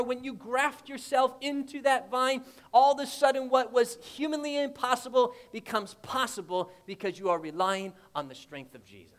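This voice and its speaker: A man preaching a sermon, who retells a scripture story vividly and asks the congregation rhetorical questions, moving from loud declarations to hushed asides. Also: high-pitched.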